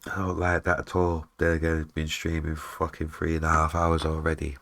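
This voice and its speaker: A man's voice: a bass voice, completely flat delivery, brisk, fairly bright tone, slight background noise. A man, chatting casually to his viewers during a live stream, swearing freely, tired and yawning. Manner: chatty, swears casually, talks to chat between tasks. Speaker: music producer streaming live.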